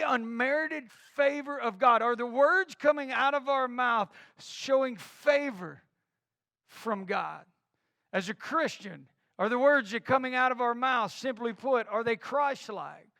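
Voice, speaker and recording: High-voiced preacher with gravelly edge. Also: male voice, bright, forceful tone, no room sound. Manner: repeats rhetorical questions with rising emphasis. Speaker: pastor. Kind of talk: sermon.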